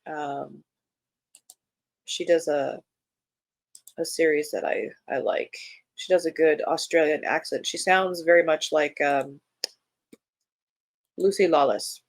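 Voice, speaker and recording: Gravelly book host reading blurbs aloud. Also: medium pitch, fairly even intonation, slow, pauses often, no room sound. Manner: reads blurbs expressively, then muses aloud with fillers.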